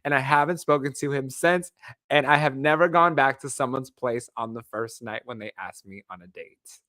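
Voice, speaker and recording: A man co-hosting a podcast in casual chat, animated and laughing as he hands out cheeky advice. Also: mid-range voice, moderate pace, no room sound, studio quality. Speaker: podcast co-host.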